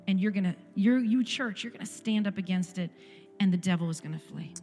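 A woman's voice: medium pitch, brisk. A woman in her forties giving an emphatic sermon testimony in a church service, repeating phrases for effect. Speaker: guest speaker in a church service. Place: church sanctuary. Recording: echoey church hall with music.

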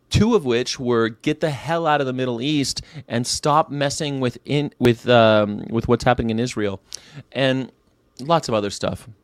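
A daily vegan show host in his late thirties chats casually about history, rambling, cursing and firing off rhetorical questions alongside wry commentary. His voice sits in the mid-range, with no echo in the audio.

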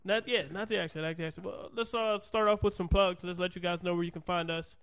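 High-voiced playful male podcast host. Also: fairly even intonation, fast talker, a bit bright. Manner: playful, jokey, slips in and out of put-on accents. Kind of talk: casual banter.

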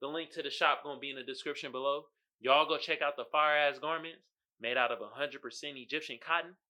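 Man, podcast host, high-pitched, very bright, casual joking chat. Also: fast. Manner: animated, joking, talks to the audience as "y'all".

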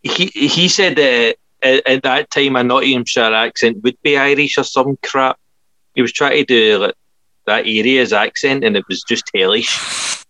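On a podcast, a male co-host rambles through casual film reviews, laughing often. He speaks at a measured pace in a sharp, medium-pitched voice, and the dry recording has poor audio.

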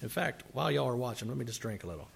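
A man preaching a sermon, acting out grumbling voices and asking rhetorical questions, swinging from quiet asides to loud outbursts. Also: mid-range voice, animated, very fast, creaky, slight background noise.

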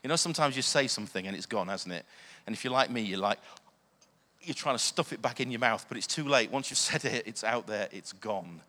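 A man's voice: mid-range voice, animated, a little fast, bright, forceful tone. A man preaching a sermon, earnest, often asking the listeners questions. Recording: long hall reverb.

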